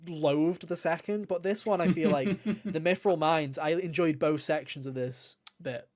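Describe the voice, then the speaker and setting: A man talks games on a casual podcast. His voice sits a touch high, and he hands out blunt, teasing verdicts. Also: moderate pace, darkish tone. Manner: opinionated, playfully blunt. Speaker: podcast co-host.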